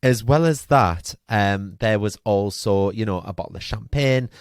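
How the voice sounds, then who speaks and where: A man from Newcastle, hosting a podcast and telling a story in a chatty, animated way with lots of fillers. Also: on the low side, unhurried, smooth, no room sound, clean studio sound. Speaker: podcast host. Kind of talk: casual storytelling monologue.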